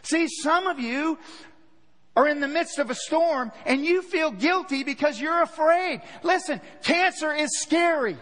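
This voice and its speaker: A man preaching a sermon as pastor, lively and storytelling, dropping into hushed voices to act out scenes. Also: very high voice, measured pace, big-room sound. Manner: animated preaching, acting out scenes in hushed asides.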